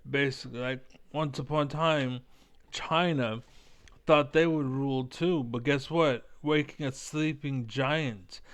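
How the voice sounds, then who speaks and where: A man's voice: mid-range voice, steady tone, unhurried, clear, resonant tone. A man giving angry reaction commentary, profane and combative, rambling as he argues. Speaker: reaction video creator.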